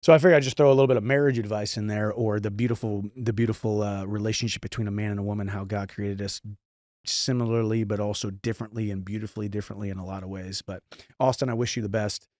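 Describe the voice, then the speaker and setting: Earnest low-voiced man giving advice. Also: steady tone, fast talker, a little mellow, dry recording, studio quality. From St. Louis, Missouri. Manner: earnest, rambling with restarts. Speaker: podcast host answering listener questions. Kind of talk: casual advice talk.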